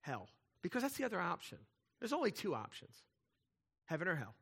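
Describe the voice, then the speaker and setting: A man preaching a sermon as pastor, conversational and animated, with playful asides and frequent check-ins with the congregation. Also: sits high, fairly quick, gravelly, husky.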